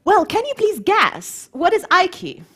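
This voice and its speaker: Lively woman giving a conference talk. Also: very high-pitched, a little slow. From grew up between Moscow and Warsaw. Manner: lively, engaging, asks the audience questions. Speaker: conference speaker.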